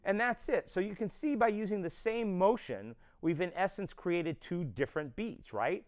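A man's voice: high voice, normal speed. A man teaching a drum lesson, explaining step by step and counting beats aloud. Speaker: drum instructor.

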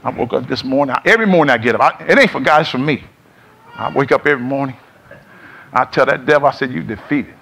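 A man's voice: medium pitch, quick pace, creaky, a bit bright, a little hiss or hum. A middle-aged man preaching a sermon in a church, calling on the congregation to answer back and repeat after him. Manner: call-and-response preaching, asks congregation to repeat. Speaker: pastor. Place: church sanctuary.

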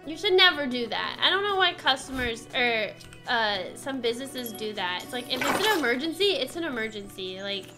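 Woman streaming a game, high voice, unhurried chatter, music playing behind. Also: very animated. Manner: chatty, laughs often, exclaims at the game. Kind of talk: casual gameplay commentary.

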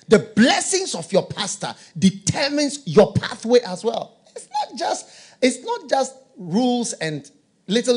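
A man preaches a sermon with great emphasis and repeats his key phrases. His husky voice sits fairly high and swings widely in pitch. He laughs often between points. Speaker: bishop preaching.

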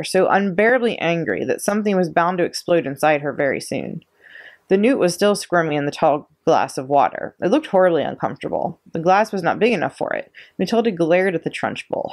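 A woman librarian reading a children's novel aloud, expressive and steady. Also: low-pitched, fairly quick, vocal fry. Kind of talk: storybook read-aloud.

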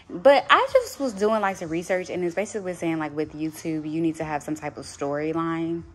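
Chatty woman in her late twenties, low-pitched. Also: expressive, brisk, few pauses, a little hiss or hum. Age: late 20s. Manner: chatty, rambling, thinks out loud. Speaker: vlogger and nail tech. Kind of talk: casual vlog chat. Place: at home.

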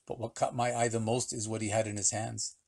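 A man voicing a very old storyteller, speaking broken English with dramatic pauses and slow punchlines. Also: on the low side, level tone, gravelly, a little mellow. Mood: playful. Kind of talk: storytelling for children.

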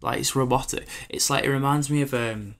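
A man in his twenties hosting a podcast, rambling in an animated, casual way with lots of fillers and acted-out quotes. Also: medium pitch, a little fast, gravelly. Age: 20s. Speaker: podcast host.

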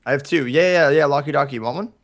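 A man playing a multiplayer game, talking in rapid bursts and repeating words. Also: fairly high pitch. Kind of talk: excited multiplayer gaming chatter.

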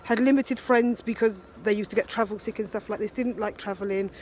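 A woman in her fifties recording a personal video diary on her handheld phone, talking in a heartfelt, halting way with many fillers. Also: medium pitch, steady tone, darkish tone, slight background noise. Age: 50s. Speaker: video diarist. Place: ski resort and restaurant abroad.

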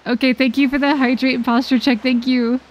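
A woman streamer chatting casually with her viewers during a gameplay livestream, bubbly and quick to giggle. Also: sits high, flat delivery. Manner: bubbly, giggly, talks to chat.

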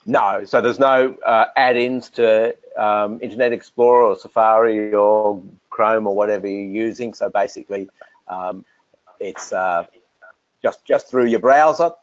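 An Australian man explains software features on a webinar in a relaxed way, with frequent fillers and restarts. His voice sits fairly low. The audio is dry and dull, like a lo-fi recording. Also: a little slow, no echo. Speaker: software presenter. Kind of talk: answering technical questions on a webinar.

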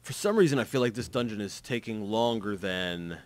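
A man's voice: on the low side, animated, moderate pace. A man in his thirties giving rambling, self-mocking commentary while playing a game, full of restarts and fillers. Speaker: let's play commentator. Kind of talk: gameplay commentary.

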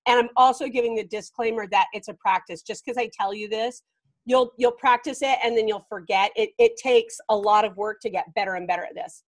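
A woman life coach talking as a guest on a casual podcast interview, animated and emphatic. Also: on the high side, a little fast. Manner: animated and emphatic, laughing often.

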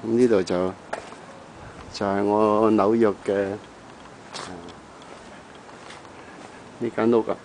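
Middle-aged man, home video narration, slow and unhurried, outdoors on camera mic, faint hiss. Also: on the low side, little pitch movement, darkish tone, low-quality recording. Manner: unhurried, filling pauses with short hums and "ah"s. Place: outdoors around a house and yard. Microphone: handheld camera.

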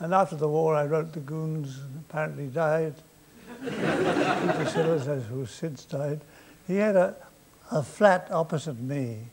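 On stage before a live audience, an older man delivers comic stories in a dry drawl. His voice sits on the high side and keeps a measured pace, though the recording is very noisy.

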